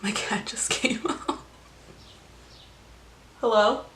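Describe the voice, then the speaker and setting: A woman's voice: medium pitch, steady tone, drawn-out words, a bit bright, a little hiss or hum. Chatty young woman telling a story. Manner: chatty, lots of "like" fillers and swearing. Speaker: vlogger. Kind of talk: casual storytime while eating.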